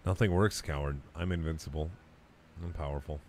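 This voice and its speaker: A man's voice: very deep voice, fairly even intonation, fairly quick, a little hiss or hum. A young man streaming a game, joking crudely with his chat and muttering asides as he plays. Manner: muttered asides while playing. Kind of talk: casual gaming stream commentary.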